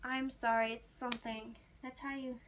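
A young woman vlogging in a casual, rambling way, chatting excitedly to her viewers as a fan. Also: fairly high pitch, normal speed, background noise. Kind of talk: casual chat to camera.

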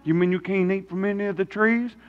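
A man's voice: high-pitched, lively intonation, unhurried, clean tone, long reverb tail, lo-fi sound. A man voicing a crafty male serpent devil, asking twisting, insinuating questions. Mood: sly.

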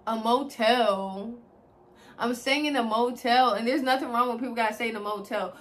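A young woman with a fairly high voice recounts a personal story in a loose, conversational vlog style. She is expressive and chatty, calls her viewers y'all, and drops the odd curse word along the way. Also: fast, very noisy. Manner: chatty and expressive, addresses viewers as y'all, swears freely, heavy use of like. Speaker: vlogger. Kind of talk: casual storytime chat.

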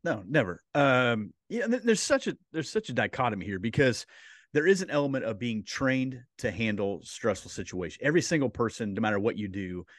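A man's voice: mid-range voice, animated, a little fast, no echo, clean studio sound. Male podcast host thinking aloud. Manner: reflective, thinks aloud with restarts. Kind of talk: casual interview talk.

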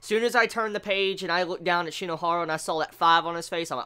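Bright, excitable manga vlogger. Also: medium pitch, fast, clean tone. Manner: excitable, swears freely, exclaims in disbelief; rambling with restarts. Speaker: manga reviewer. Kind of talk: casual video review.

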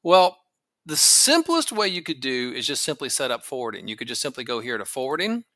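A man's voice: medium pitch, very animated, brisk, sharp tone, no room sound. A man casually walking through a phone service setup, thinking aloud with fillers as he clicks along. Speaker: tech tutorial host. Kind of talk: casual screen-recording walkthrough.

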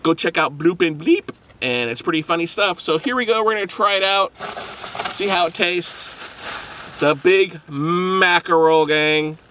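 A man's voice: on the high side, a little slow, sharp tone, a little hiss or hum. A man hosting a casual food review vlog, talking in an upbeat, rambling way and laughing often.

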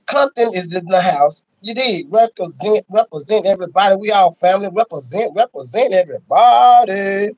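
A man from Dallas, hosting a casual livestream and hyping up his viewers with repeated shout-outs. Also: high-pitched, lively intonation, normal speed, few pauses, dry recording. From Dallas, Texas. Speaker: livestream host. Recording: dull, lo-fi stream audio.

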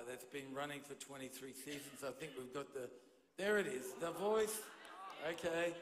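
A man preaching a sermon in a church auditorium, speaking conversationally and checking in with the congregation, into a handheld microphone. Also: mid-range voice. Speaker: pastor. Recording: echoey hall with long reverb.

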